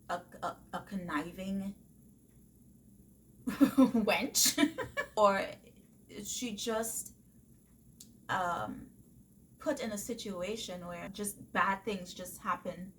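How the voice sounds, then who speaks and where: A woman talks through books she's been reading in a loose, chatty way, often stopping on "um" and "like". Her pace is unhurried and her pitch sits in an ordinary middle range. A faint hiss runs under the voice. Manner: chatty, animated retelling with frequent fillers and laughs. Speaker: book vlogger. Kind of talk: casual book review chat.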